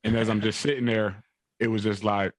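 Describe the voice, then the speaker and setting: Young male athlete guest with a lowish voice, talking in a loose, repetitive, rambling way. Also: little pitch movement, fairly quick, no room sound. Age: young adult. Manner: rambling, repeats phrases and fillers. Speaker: college football player guest. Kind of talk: interview storytelling.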